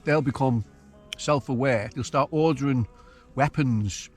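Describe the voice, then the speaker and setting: Against faint background music, a man with a medium-pitched voice talks at a measured pace while cooking and camping by himself on a hilltop. The outdoor vlogger keeps the chat casual, musing as he goes.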